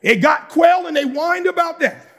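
High-voiced preacher man, fervent and loud. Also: lively intonation, normal speed. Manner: shouts and preaches with rising intensity, conversational asides. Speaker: pastor. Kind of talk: sermon.

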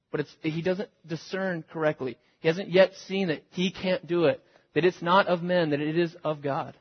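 A man preaching a sermon as pastor, earnest and questioning his listeners directly. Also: on the high side. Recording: lo-fi, reverberant hall.

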